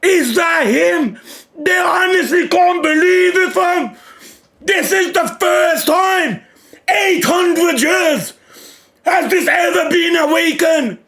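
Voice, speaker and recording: A man giving live reaction commentary while reading a manga chapter, swinging between loud excited shouting and low muttered reading-along. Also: slow pace.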